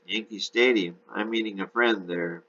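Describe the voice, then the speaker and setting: A man's voice: on the low side, normal speed, sharp tone, highs cut off. A man voicing a polite young Englishwoman.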